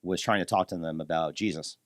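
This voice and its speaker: Deep-voiced man telling a story haltingly. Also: dry recording, studio quality. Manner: halting, many restarts, matter-of-fact. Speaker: hotel worker. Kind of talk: casual chat.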